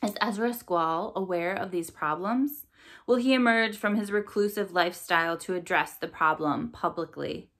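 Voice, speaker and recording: A woman's voice: lowish voice, normal speed, a bit bright. A woman voicing a pushy reporter firing pointed questions at a press conference, in a storybook read-aloud. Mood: probing.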